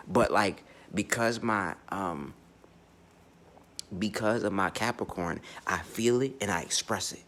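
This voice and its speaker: A man's voice: fairly low pitch, measured pace, fairly bright tone. A man giving a blunt, profane, unscripted astrology monologue, speaking emphatically and often restarting his sentences. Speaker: astrology vlogger.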